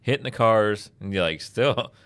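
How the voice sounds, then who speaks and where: Low-voiced laid-back young man. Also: moderate pace, fairly bright tone. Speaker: podcast co-host. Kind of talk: casual chat.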